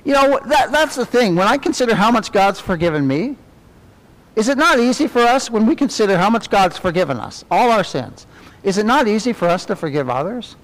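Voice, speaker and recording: Animated preacher teaching Sunday school. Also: male voice, fairly quick. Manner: animated, asks the class many tag questions; drops to a soft, low murmur on reverent phrases. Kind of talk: conversational Bible teaching. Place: church classroom.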